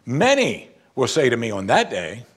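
A man's voice: normal speed, husky. A man preaching a sermon, asking rhetorical questions and reading scripture aloud. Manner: animated, rhetorical questions, rises in pitch for emphasis.

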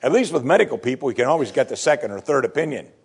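A man preaching a sermon, reading scripture with rising emphasis and dropping low and soft to reflect on it. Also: very animated, racing, breathy edge. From United States. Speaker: pastor.

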